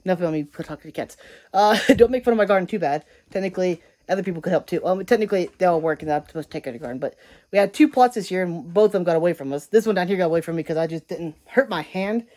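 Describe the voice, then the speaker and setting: Fast-talking, mellow-voiced woman vlogger. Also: lowish voice, lively intonation. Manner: rambling, chatty, talks to her cats. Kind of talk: casual vlog chat.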